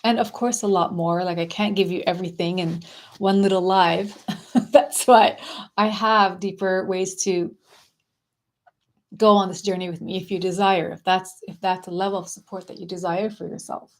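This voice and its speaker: A woman coaching viewers on a casual live stream, talking in a soft, dreamy and effusive way. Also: lowish voice, fairly even intonation, moderate pace. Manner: gushing, affectionate and effusive; soft, dreamy spiritual phrasing.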